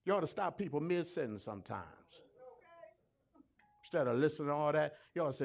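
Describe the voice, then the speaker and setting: A man, preaching a sermon that swings from quiet asides to loud, rising peaks. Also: fairly high pitch, lively intonation, quick pace.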